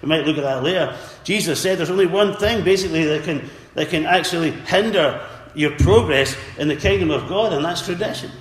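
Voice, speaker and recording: In an echoey hall with faint background ambience, a man preaches a sermon with earnest conviction, repeating words and calling out for amens. His pitch is fairly high and his pace fairly quick.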